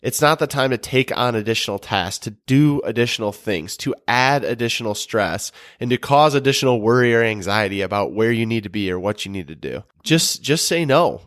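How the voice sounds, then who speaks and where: A man co-hosting a relationship podcast, talking in an earnest, relaxed way with many restarts. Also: fairly low pitch, a little fast, few pauses, no echo, clean studio sound. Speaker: podcast co-host. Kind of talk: casual advice talk.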